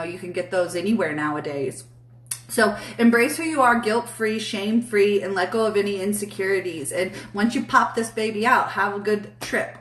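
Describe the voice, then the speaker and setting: A woman's voice: medium pitch, a bit bright, far from the mic. A woman hosting a casual live spiritual reading stream, chatty and blunt, swearing freely as she answers chat. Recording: echoey room, voice off mic.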